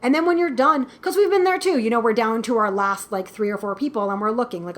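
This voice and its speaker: A woman guest filmmaker talking in a casual interview, animated and quick to laugh, acting out what people said. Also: a little high. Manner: animated storyteller, laughs often, acts out quotes.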